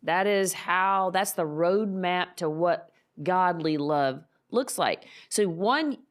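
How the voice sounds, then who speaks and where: A woman's voice: fairly low pitch, takes it slowly. A married woman co-hosting a casual faith podcast, telling a personal story earnestly and acting out quoted lines. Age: adult, married. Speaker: podcast co-host.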